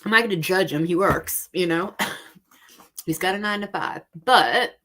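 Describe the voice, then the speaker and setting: A woman's voice: lowish voice, measured pace, sharp tone. A woman hosting a casual livestream chat from home, talking freely, laughing often and trailing off mid-thought. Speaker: livestream host.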